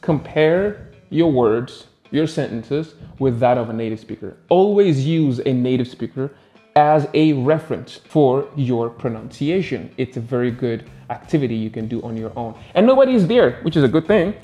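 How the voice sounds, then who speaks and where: A man, a native Arabic speaker, gives an English pronunciation lesson in a casual, playful way, letting his pitch swing up and down for emphasis. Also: lively intonation, moderate pace, warm tone, soft background music. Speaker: English tutor.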